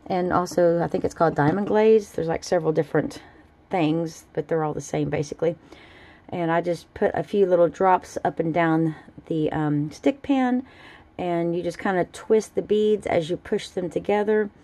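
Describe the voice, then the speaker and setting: A woman casually showing off her handmade jewelry in a relaxed, chatty way at a home craft table. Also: fairly low pitch, moderate pace. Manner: chatty, relaxed, fond little asides. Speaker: jewelry-making vlogger. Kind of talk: casual show-and-tell.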